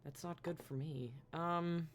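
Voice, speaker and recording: A streamer giving live commentary over a game, blurting quick excited reactions and the odd swear, and reading game dialogue aloud in between. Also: medium pitch.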